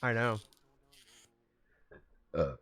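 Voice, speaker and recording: A young man hosting a casual streaming podcast, rambling and joking, dropping to a mumble and then jumping into loud bursts. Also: mid-range voice, animated, drawn-out words, clear, resonant tone. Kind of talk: casual chat.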